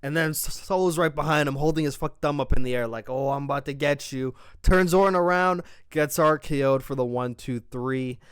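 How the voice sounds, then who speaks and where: A young man giving a casual, profane, excited recap of a wrestling show as its reviewer. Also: a little high, normal speed, few pauses, clean tone, dry recording, clean studio sound.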